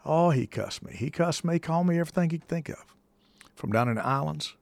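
A man speaks with a gravelly, rough edge, pressing each warning with repetition and folksy turns of phrase. His voice sits dry and close, with little room around it, and his pitch stays mid-range. He sounds like a call-in show host with a preacher's ring. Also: lively intonation, fairly quick, no echo. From United States. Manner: emphatic, folksy, repeats himself for stress. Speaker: host taking calls. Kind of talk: casual on-air talk with preacherly touches.

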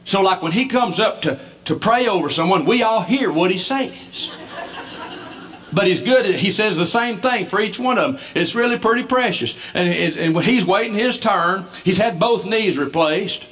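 Brief: comic, man, high bright voice, folksy and stumbling. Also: animated, moderate pace. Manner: folksy, stumbling restarts, laughing through stories. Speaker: comedian. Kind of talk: stand-up storytelling.

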